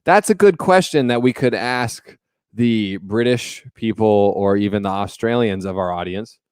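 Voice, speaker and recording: A man's voice: fairly low pitch, measured pace, a little mellow, smooth, no room sound, studio quality. A man hosting a casual livestream, chatty and joking as he greets viewers by name. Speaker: livestream host.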